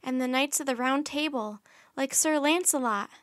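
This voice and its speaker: A cautious, doubtful young boy from a children's storybook, as a woman reads him aloud, talking in a fairly high voice held a little lower than the girl's. He sounds hesitant and a bit grumbling. The recording is dry and close. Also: normal speed, a bit bright, dry recording.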